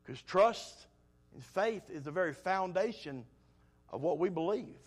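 A man preaching a sermon, telling homespun stories in a folksy way and swinging between loud emphasis and soft asides. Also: sits high, expressive, unhurried.

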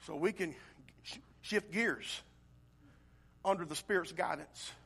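A middle-aged man preaching a sermon, impassioned and building to near-shouting climaxes. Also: on the high side, slow pace, gravelly, husky. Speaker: pastor.

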